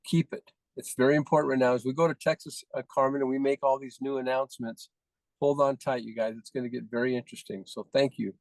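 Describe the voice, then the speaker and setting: A man's voice: medium pitch, fairly even intonation, quick pace, no echo, rough recording. A man leading a team call, praising members one by one in effusive, repetitive phrases. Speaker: team leader presenting recognitions.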